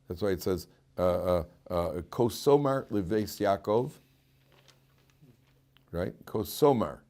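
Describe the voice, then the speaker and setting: Low-voiced man teaching a casual Torah class. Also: lively intonation, slow, dark tone. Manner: conversational, joking, often repeats and restarts words. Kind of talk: informal Torah lecture.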